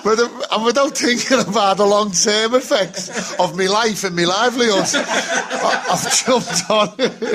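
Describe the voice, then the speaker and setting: A Scouse man with a high voice chats in loose, sweary banter, laughing through his words. He sounds casual and self-mocking. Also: measured pace, hardly any pauses, crowd noise. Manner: sweary, laughs a lot while talking.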